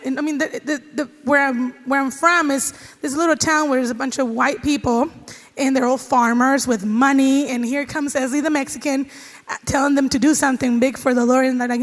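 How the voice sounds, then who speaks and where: A woman's voice: high voice, steady tone, fairly quick, in a large hall. A woman campus pastor telling a personal story in a small group discussion, often quoting what others said and restarting her sentences.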